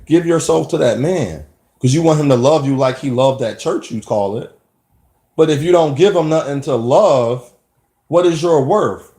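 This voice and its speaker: A man's voice: mid-range voice, mellow. Man rambling in an echoey room. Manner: emphatic, rambling, frequent restarts. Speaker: vlogger. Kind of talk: personal monologue.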